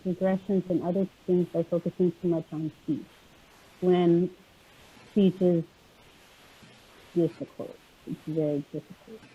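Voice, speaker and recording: A woman guest speaker explaining autism advocacy on a video call, halting with many pauses and fillers. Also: fairly low pitch, husky. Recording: tinny phone-like call audio.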